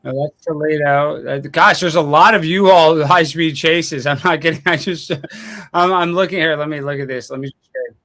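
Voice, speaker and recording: In a slightly high voice at normal speed, a male call-in show host keeps up casual live-stream talk late at night. He rants with animated sarcasm and muses aloud while searching online as callers come through.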